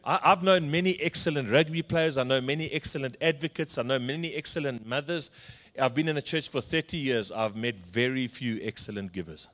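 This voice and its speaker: A middle-aged South African man preaching a sermon, his voice sitting at an ordinary middle pitch. He tells his stories in a lively way and slips Afrikaans phrases in among the English. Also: a little fast. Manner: storytelling, animated, switches into Afrikaans phrases. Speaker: pastor.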